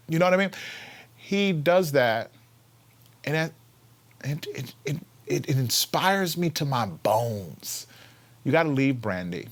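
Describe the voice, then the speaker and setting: A man hosting a casual inspirational talk. He repeats key phrases for emphasis and swings from loud, lively emphasis to hushed whispers. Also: a little high, unhurried. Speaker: host.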